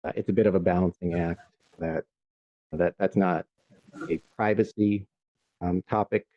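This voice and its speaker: Deep husky man, careful panel talk. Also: fairly even intonation, no room sound, highs cut off. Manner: measured, careful, frequent ums. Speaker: panelist on education privacy law. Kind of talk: panel discussion.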